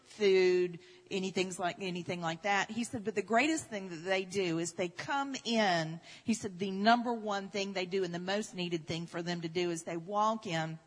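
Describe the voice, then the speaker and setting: Husky woman preaching in a reverberant hall. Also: medium pitch, moderate pace, few pauses. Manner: emphatic, repeating key phrases, building intensity. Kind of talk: sermon storytelling.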